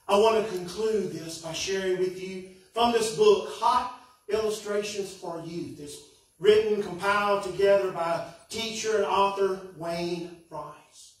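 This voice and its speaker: A man's voice: sits high, a little slow. A man preaching a sermon as pastor, earnest, with rising and falling emphasis. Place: church sanctuary. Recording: echoey sanctuary from far off.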